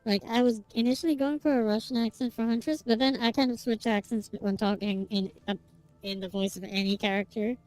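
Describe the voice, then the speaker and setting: A woman's voice: on the high side, fairly even intonation, brisk, darkish tone, poor audio. A woman streamer reading game narration aloud and chatting, her accent slipping around as she goes, talking in a rambling, self-conscious way. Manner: slips between accents when narrating.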